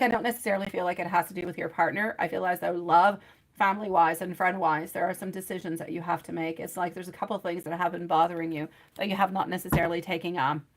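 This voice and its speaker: A woman reading tarot live for her viewers, rambling and chatty, laughing often and calling people by pet names like sweetie and my love. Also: on the low side. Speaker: tarot reader.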